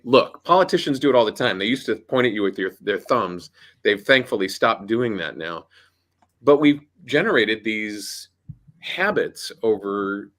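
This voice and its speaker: A man with a fairly low voice talks on a video call. He is emphatic and coaching, hitting each point with punchy warnings in a lively panel discussion. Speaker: voiceover artist and audiobook coach. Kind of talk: animated panel chat.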